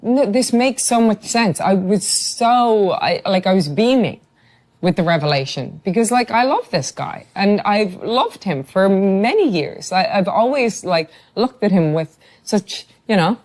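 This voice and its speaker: Rambling halting woman chatting. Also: medium pitch, animated, darkish tone. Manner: rambling, halting, full of fillers. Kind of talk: casual chat.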